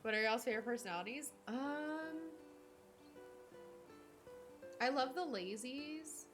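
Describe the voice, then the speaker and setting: A woman's voice: sits high, normal speed, fairly bright tone, soft background music. Chatty young woman streaming a game. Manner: chatty, rambling, talks to chat, swears casually. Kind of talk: casual gameplay chat.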